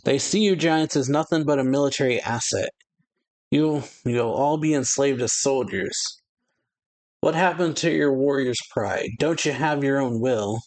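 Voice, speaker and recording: A man's voice: mid-range voice, unhurried, darkish tone, natural voice. A man reading out the lines of a hot-headed male pirate rival, scolding and angry.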